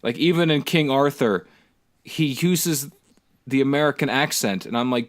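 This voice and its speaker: A man on a casual movie podcast rants about what bugs him, sounding exasperated and leaning on "like" as he talks. He has a voice of middling pitch for a man. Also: normal speed. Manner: ranting, exasperated, lots of fillers. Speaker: podcast co-host. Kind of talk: casual chat.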